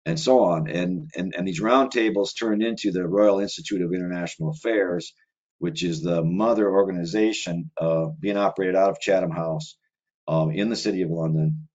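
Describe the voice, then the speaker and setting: A man with a very low voice talks at length in a loose, conversational way. He strings thoughts together with fillers and restarts. The recording sounds slightly dull and lo-fi. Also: moderate pace, darkish tone. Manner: rambling, run-on delivery with many filler words. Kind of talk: casual conversational monologue.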